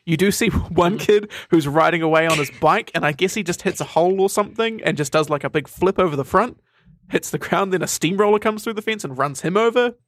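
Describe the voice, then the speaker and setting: A man's voice: sits high, fairly quick. Wry, musing podcast man. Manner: detailed, musing play-by-play with wry laughs. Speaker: podcast co-host. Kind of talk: casual chat.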